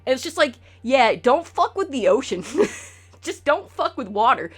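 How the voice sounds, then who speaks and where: A woman's voice: high-pitched, sing-song, normal speed. A woman streamer rambling to her chat at home, swearing freely and jumping between topics. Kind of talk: casual chat with stream viewers. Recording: faint game music behind.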